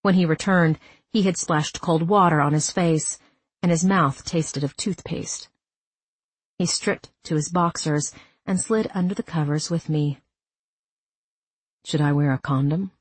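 A woman reading a first-person story aloud as an audiobook narrator, calm and measured. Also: fairly low pitch, husky, no room sound.

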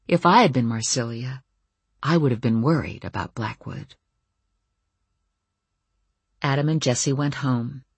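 A woman narrating a first-person audiobook with a wry, lively storytelling manner. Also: rumbling low, a little slow, long pauses, slightly rough, no room sound.

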